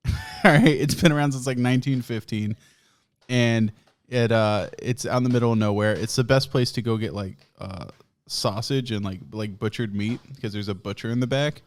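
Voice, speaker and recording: A man's voice: mid-range voice, normal speed. A man hosting a podcast, telling a rambling, profane story in a casual way and laughing often. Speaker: podcast host.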